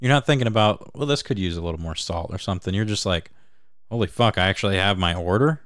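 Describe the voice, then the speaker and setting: Brief: relaxed co-host, man, lowish voice, dry sound. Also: quick pace, no echo. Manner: laid-back, amused, profane. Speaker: podcast co-host. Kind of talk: casual chat.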